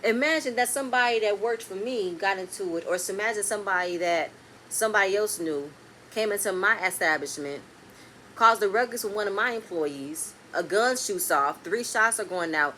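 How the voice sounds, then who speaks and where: A woman recapping a reality TV episode in a casual, blunt, animated way, with speech. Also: medium pitch, slight background noise. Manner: animated, blunt and swearing, swings between loud and quiet.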